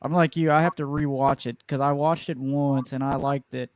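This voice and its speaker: A man's voice: mid-range voice, steady tone, normal speed, no room sound. A man in a casual podcast chat, enthusiastic and opinionated, who jokes as he goes. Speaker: podcast participant.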